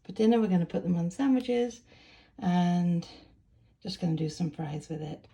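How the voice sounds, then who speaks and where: A woman's voice: fairly low pitch, expressive, moderate pace, dark tone, slightly rough. A tired British woman chatting casually through a day-in-the-life vlog at home, rambling and self-deprecating. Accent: British English. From Britain. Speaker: vlogger.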